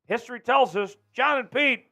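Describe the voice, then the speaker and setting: A man's voice: very high voice, normal speed, creaky. A man hosting a casual sports talk livestream, upbeat, reading out viewer messages and chatting with his co-host. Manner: upbeat, reads viewer messages and shouts chants. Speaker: show host.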